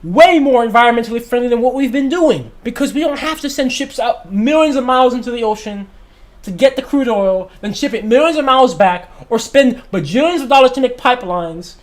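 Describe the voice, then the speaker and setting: A young man hosting a livestream, talking in a passionate, emphatic way and repeating his points. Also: very high-pitched. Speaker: livestream host. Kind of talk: casual livestream talk.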